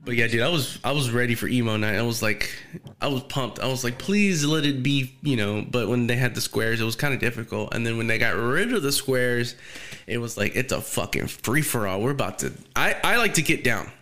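A young man in casual chat, swearing freely and telling animated stories with high, acted quotes. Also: brisk.

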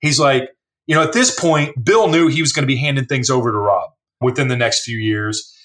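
A man's voice: mid-range voice, brisk. A man who works as a distiller, telling stories conversationally and acting out what other people said. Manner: animated storyteller, acts out other people's lines. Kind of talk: conversational storytelling.

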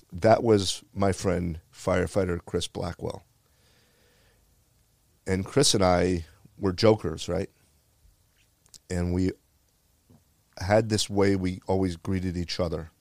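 A man's voice: deep voice, steady tone, slow, gravelly, long pauses, a little mellow, dry recording, clean studio sound. A man from the Bronx, a retired firefighter earnestly telling a heartfelt personal story. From the Bronx, New York. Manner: earnest and heartfelt, with repeated phrases.

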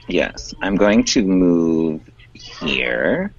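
A man's voice: low voice, very animated, very slow, lo-fi sound. A man playing a tabletop game, unhurriedly counting out his moves aloud. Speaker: player.

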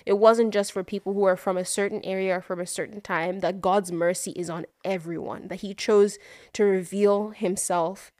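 A woman co-hosting a casual podcast, retelling a story with lively energy. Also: mid-range voice, normal speed, no echo, clean studio sound. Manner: animated storytelling, acts out voices in quotes. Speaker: podcast co-host. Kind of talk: casual chat.

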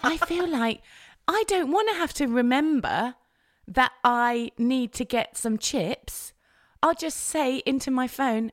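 Giggly, animated woman in casual chat. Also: high-pitched, slow, no echo, studio quality.

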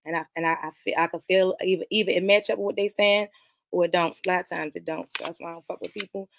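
A podcast host reviewing a movie, this woman speaks fast in a low, creaky voice with fairly even intonation, on a dry recording. She rambles through the plot with plenty of profanity, addresses her viewers directly and says streaming live makes her nervous.

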